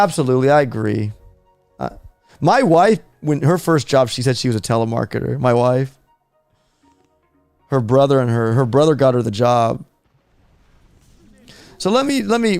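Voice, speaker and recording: Gravelly man chatting on a stream. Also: medium pitch, darkish tone, no echo. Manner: rambling, restarts often. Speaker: gaming channel host. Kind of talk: casual live-stream chat.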